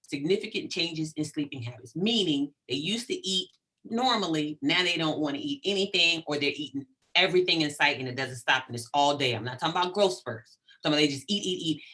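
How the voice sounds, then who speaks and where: Woman, middle-aged, low voice, lively emphatic delivery, conversational interview guest. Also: brisk. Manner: animated, emphatic, frequent "right?". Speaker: psychologist guest.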